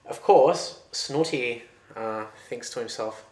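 A man retelling a folktale in a loose, lively, conversational way. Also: lowish voice, unhurried, pauses often. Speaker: storyteller. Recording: roomy echo.

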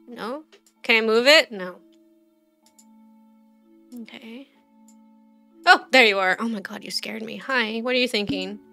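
A woman's voice: a little high, unhurried, gravelly, pauses often, pushed and bright, soft background music. A woman streamer giving casual let's-play commentary, chatty, thinking aloud and quizzing the game characters.

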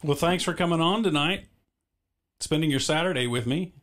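A man hosting a live stream in a relaxed, easygoing way, prompting his guest with questions. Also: a little high, moderate pace. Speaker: stream host. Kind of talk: casual stream chat.

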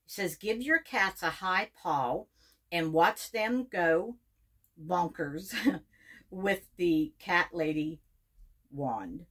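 Slow, low-voiced woman gushing over an unboxing. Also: animated, a bit bright. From Pennsylvania. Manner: gushing, repeats words, reads labels aloud. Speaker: unboxing reviewer. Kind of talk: casual unboxing video.

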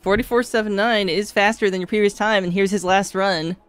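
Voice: mid-range voice, fairly even intonation, a little fast, a bit bright, clear, resonant tone, dry recording, soft background music. A scorekeeper chatting casually and teasing the players during a game race.

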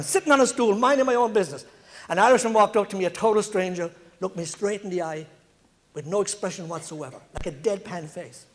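A middle-aged man from Ireland doing a stand-up comedy routine, telling punchy bar jokes and laughing at his own lines. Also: sits high.

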